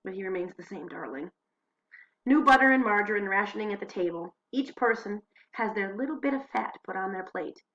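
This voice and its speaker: A woman reads diary entries aloud in an expressive, storytelling way, slowing down and dropping to a hush at tense moments. Her voice sits in a middle pitch. The home computer recording sounds slightly dull and muffled. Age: adult. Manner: expressive, slows and hushes for drama. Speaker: diary reader. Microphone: computer mic.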